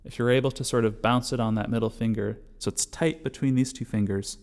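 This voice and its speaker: A man teaching a bodhrán class, patiently explaining strokes step by step and calling them out loudly as he plays. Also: medium pitch, fairly even intonation, brisk. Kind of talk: music lesson, counting along with drumming.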